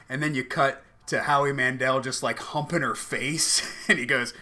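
A man co-hosting a podcast in casual comedic chat, animated and profane, laughing often. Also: mid-range voice, moderate pace, few pauses. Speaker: podcast co-host.

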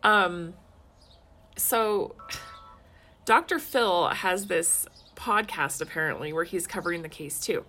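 A woman in her thirties co-hosting a casual podcast as a mother, chatty and quick to laugh, full of "like" fillers. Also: lowish voice, sharp tone, a little hiss or hum. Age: 30s. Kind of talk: casual chat.

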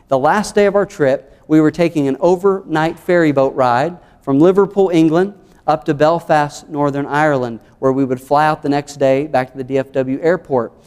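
A man's voice: a little high, moderate pace, darkish tone, clean tone, long reverb tail. A man with a Southern American accent, an earnest pastor preaching a sermon through numbered points and scripture. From United States.

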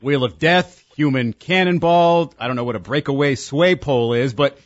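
A male radio panelist asking quick, curious questions. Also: mid-range voice, dry recording, dull audio. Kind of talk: sports talk radio.

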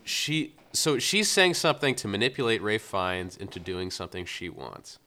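A man co-hosts a casual film review podcast, and his voice is bright and crisp. He retells scenes with animated, exasperated energy and slips into the characters' lines as he goes. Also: fairly low pitch, moderate pace. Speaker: podcast co-host.

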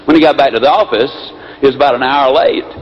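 A male motivational speaker telling anecdotes in an animated storytelling manner, on a dull lo-fi recording. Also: mid-range voice, fast, slight background noise. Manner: animated storytelling with lively voice shifts. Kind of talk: motivational speech with acted anecdotes.

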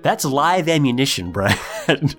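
A man with a lively, bouncing voice runs through a TV episode in casual podcast chat. He acts out the characters as he goes and pitches his voice way up for them. Faint music plays under him. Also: slow pace. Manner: animated storytelling, acts out characters in high voices. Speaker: podcast host recapping a TV episode.

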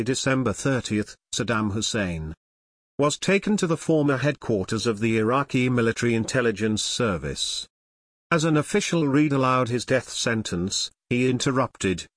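Man narrating with lively pitch. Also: dry recording, studio quality. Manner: measured, serious reading. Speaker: audiobook narrator. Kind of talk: scripted nonfiction narration.

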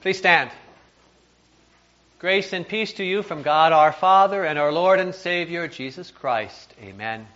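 A man's voice: on the high side, fairly bright tone, dull audio. A man preaching a sermon as pastor, earnest and emphatic, sometimes repeating words as he goes. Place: church.

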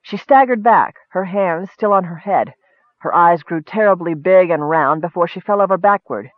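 A man reading a fantasy story aloud in a steady, measured way. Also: sits high, dry recording. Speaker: audiobook narrator. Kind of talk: scripted fantasy narration. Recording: dry tinny phone-like audio.

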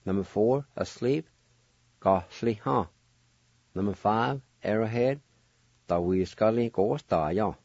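Male radio language teacher, low voice, spells it all out slowly, dull lo-fi sound, dry. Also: a little mellow, no echo. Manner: deliberate, spells syllable by syllable, repeats. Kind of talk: slow instructional spelling and pronunciation.

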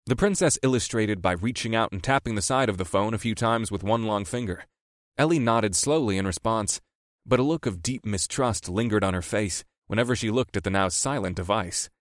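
A man's voice: fairly low pitch, fairly quick, no echo, clean studio sound. A man narrating a first-person audiobook in a wry, easygoing storytelling manner.

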